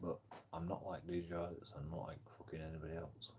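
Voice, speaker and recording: A man's voice: sits low, flat delivery, a little fast, darkish tone, a little hiss or hum. A man ranting angrily on a live stream, swearing often and rambling with many fillers. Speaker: livestreaming auditor.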